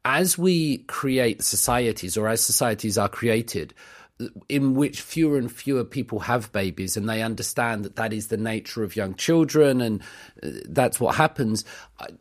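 A male host talking in a relaxed discussion format. He speaks in an articulate, reflective way. He often laughs lightly as he talks. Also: medium pitch, normal speed. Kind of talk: casual discussion.

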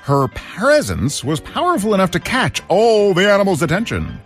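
A man narrating a children's story in an animated storytelling manner. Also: sits high, moderate pace, soft background music.

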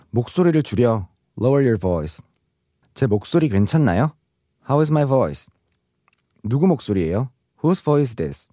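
A male teacher walks through a vocabulary lesson at a rapid clip, with a lively, rising and falling delivery. He rattles off the example sentences and then slows down for each translation. The recording is close and dry. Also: mid-range voice, no room sound. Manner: reads the Korean examples briskly and the English translations slowly. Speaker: Korean language teacher.

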